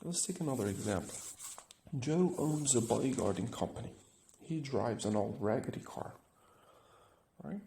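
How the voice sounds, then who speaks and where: An English teacher with a gravelly, creaky, mellow voice of medium pitch gives an animated grammar lesson at normal speed. He works through examples step by step, checking in with "right?", and the room adds noticeable echo plus slight background noise.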